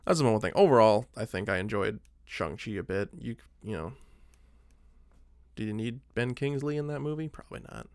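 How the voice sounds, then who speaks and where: A man co-hosting a podcast in casual chat, animated, leaning on "like" and acting out his own thoughts as quoted lines. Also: on the low side, normal speed, clear, resonant tone, no room sound, studio quality. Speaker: podcast co-host.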